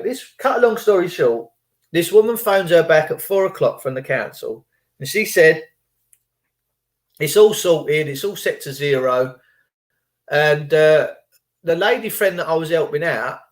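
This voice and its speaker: A man talks casually to his viewers, rambling and retelling phone calls in reported speech. His voice sits a little high for a man. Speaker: channel host. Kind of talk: casual chat.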